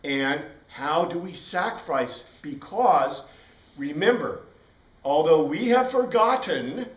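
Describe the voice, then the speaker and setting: Animated male Bible class teacher. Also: on the high side, slow pace. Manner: animated, digressive, spells out Greek words. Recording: roomy room, distant mic.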